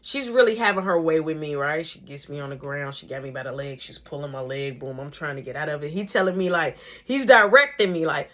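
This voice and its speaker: A woman telling a casual storytime in an animated, slangy way, with big swings in her voice. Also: low-pitched, fairly quick, hardly any pauses.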